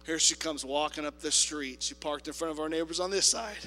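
A man preaching a sermon in a church, telling a story with quoted voices and swinging between loud appeals and soft asides. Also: a little high, a little fast, big-room sound, soft background music. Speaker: pastor. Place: church sanctuary.

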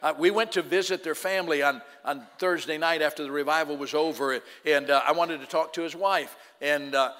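A man preaching in a church, his bright, ringing voice trailing off into a long hall reverb. He swings from loud exhortation down to a hushed storytelling tone. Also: a little high, steady tone, fairly quick, few pauses. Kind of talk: sermon.

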